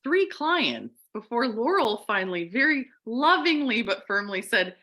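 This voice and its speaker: A woman co-hosting a podcast as a coach, telling her story in casual chat and acting out the quoted voices. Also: measured pace. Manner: animated, acts out quoted voices with big pitch jumps.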